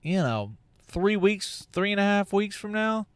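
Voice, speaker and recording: A man's voice: high-pitched, very animated, a little slow, clean tone, no echo. A man hosting a podcast, talking in a casual comedic monologue that rambles, swears and drifts into tangents. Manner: rambling, profane, full of tangents and restarts. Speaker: podcast host.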